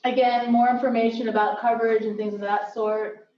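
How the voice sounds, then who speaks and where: A woman's voice: on the high side, flat delivery, fairly quick. A woman giving an upbeat conference presentation with joking asides. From Silicon Valley. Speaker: workshop presenter. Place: lecture hall. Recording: echoey hall from far off, dull.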